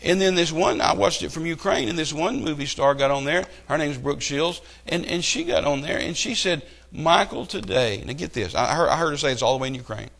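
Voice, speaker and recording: A middle-aged man preaching a sermon, telling stories and building to loud, emphatic outbursts. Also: a little high, a little fast, gravelly, hardly any pauses. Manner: animated storytelling with rising outbursts.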